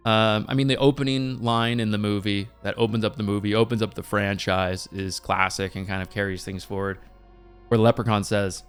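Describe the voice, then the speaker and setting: A man in his thirties hosting a casual movie review, talking in an animated, rambling way with laughing asides. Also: fairly low pitch, a little fast, clear, resonant tone, faint music behind.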